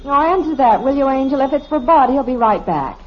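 A gentle, reassuring mother. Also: high-pitched, a little fast, background noise. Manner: gentle, reassuring, even-tempered. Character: calm, kindly mother of three. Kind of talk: 1950s radio sitcom acting. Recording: dull lo-fi old radio recording.

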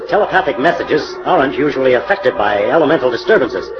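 Calm investigator, man acting, explanatory, old radio, music under. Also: medium pitch, fast, dull audio, lightly acted.

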